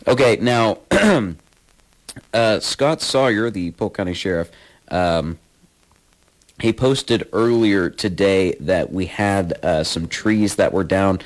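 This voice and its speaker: A man with a low, deep voice hosts a morning radio show from the studio. He reads the forecast and local road news in a casual, easygoing way, with plenty of fillers between the items. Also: low-quality recording.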